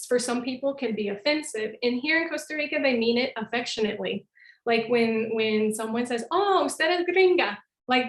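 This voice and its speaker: A woman's voice: on the high side, reverberant, low-quality recording. A woman giving a casual online presentation from where she lives, explaining with examples and laughing often. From North America. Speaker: presenter living in Costa Rica.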